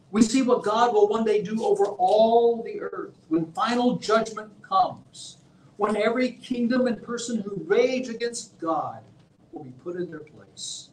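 A fairly high-voiced man preaching an emphatic sermon, rising to forceful cries and sinking to hushed lines. His voice rings around a roomy church. A faint hum of room ambience sits underneath. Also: a little slow. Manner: emphatic preaching with big swings in loudness. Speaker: visiting pastor. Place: church sanctuary.

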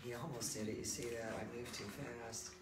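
A man's voice: medium pitch, flat delivery, fairly quick. A man working as a dog trainer, chatting casually through a demonstration and answering questions he imagines listeners asking. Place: room with puppies. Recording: distant mic, roomy, loud background noise.

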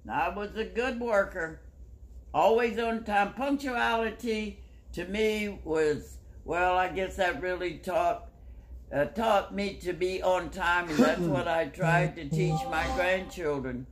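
A woman's voice: lowish voice, slow, slight background noise. An older woman with a Southern US accent, a grandmother chatting on a live stream in a plain-spoken, lecturing way. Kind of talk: casual chat.

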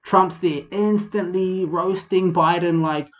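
A young man from New Zealand with a New Zealand accent, hosting a casual comedic vlog in a rambling, profane, animated way. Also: high voice, slow, highs cut off. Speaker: vlog host.

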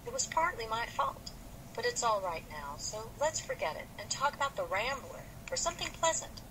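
A woman's voice: a little high, very animated, normal speed, noisy background, voice pushed up. A woman reading aloud as a spirited young woman who pleads with an elder. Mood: pleading. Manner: reads aloud from a novel.

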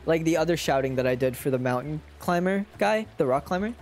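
A chatty streamer plays through a game and talks to viewers in loose, casual commentary. The voice is animated, with a wide pitch range, and often drops to a quiet mutter while searching around. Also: brisk, few pauses, faint music behind. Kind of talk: casual let's-play commentary.

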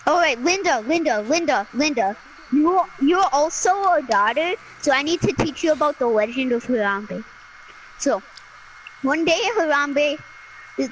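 Female streamer, high voice, slow delivery, melodramatic with sudden shouts. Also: slight background noise, poor audio. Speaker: gaming streamer. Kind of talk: casual gameplay chat.

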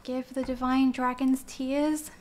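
A woman's voice: high voice, level tone, slow pace. Tired, giggly woman streamer. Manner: rambling, giggly, lots of "like" and "dude". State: tired and teary late at night. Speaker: game streamer. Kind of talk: casual live-stream chat.

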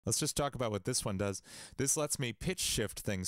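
A man hosting a casual music production livestream from a home studio, thinking aloud in a relaxed, rambling way. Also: fairly low pitch, fairly quick, few pauses, no echo.

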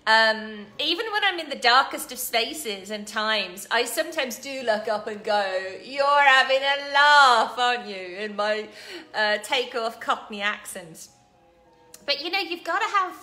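Woman host, gushing live-stream chat, bright lifted voice, soft music behind. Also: high-pitched. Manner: bubbly, effusive and gushing; chatty, with many fillers and asides. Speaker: host of a weekly live coaching show. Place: at home.

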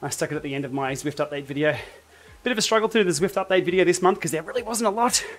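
A man's voice: sits high, very fast, soft background music. A man with an Australian accent chatting casually on a livestream while riding an indoor trainer, rambling with wry asides. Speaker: cycling YouTuber host.

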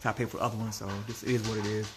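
A man telling a story to his viewers in a blunt, animated way, calling them family. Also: fairly low pitch, racing, noisy background. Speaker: small business owner vlogging.

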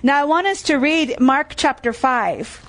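A woman preaching a sermon in a high, bright-sounding voice. She drives her points home by repeating key phrases. She stops to quiz her listeners before going on with the reading. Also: expressive, measured pace, slight background noise. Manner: tells stories and reads scripture aloud.

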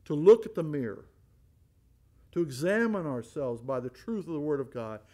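Man, pastor, Bible study teaching, high voice, lively swooping pitch. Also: normal speed. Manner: animated, asks rhetorical questions and answers them; acts out voices in quotes, laughs often.

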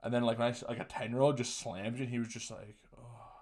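A man's voice: mid-range voice, fairly even intonation, quick pace, a little mellow. Profane laid-back young man telling stories. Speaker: podcast host. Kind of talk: casual solo storytelling.

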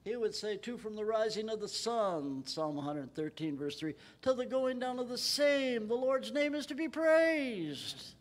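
A man preaching at a Bible study in a church, emphatic and rising in pitch when he quotes scripture. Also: big pitch swings, a little slow, hardly any pauses. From Texas. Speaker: pastor.

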